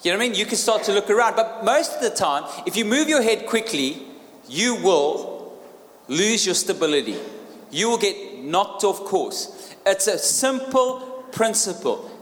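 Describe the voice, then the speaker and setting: A man's voice: high voice, big pitch swings, normal speed, a bit bright. A man preaching a sermon in an emphatic manner, repeating key phrases and asking the crowd questions. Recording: echoey hall with long reverb.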